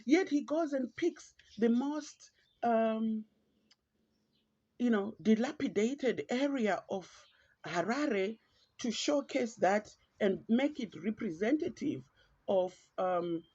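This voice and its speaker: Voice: mid-range voice, expressive, slow, darkish tone, husky, no room sound. A podcast host from Zimbabwe, with a Zimbabwean accent, giving earnest, reflective and pointed solo commentary. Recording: dull lo-fi, dry.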